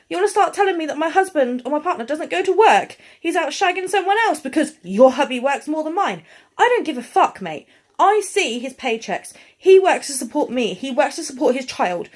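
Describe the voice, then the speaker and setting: A woman's voice: sits high, expressive, brisk. A young woman vlogging, ranting bluntly and heatedly to camera, with frequent swearing.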